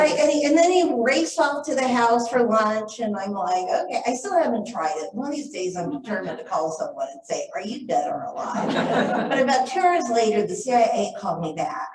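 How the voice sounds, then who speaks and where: A middle-aged woman telling a lively anecdote to a live audience at a library talk, acting out the voices of the people in it. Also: high-pitched, far from the mic, very noisy. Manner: lively anecdotal storytelling, acts out quoted voices. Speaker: author and speaker. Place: library event room. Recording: echoey room, voice picked up from afar.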